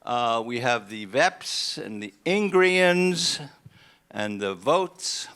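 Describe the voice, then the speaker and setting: An older man from Estonia gives a keynote in a conference hall. His pitch sits in the ordinary middle range, and his delivery is loose and wry, full of self-corrections and asides. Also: expressive, drawn-out words, bright, forceful tone, clean tone. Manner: conversational and wry, with many restarts. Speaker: keynote speaker. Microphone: handheld microphone.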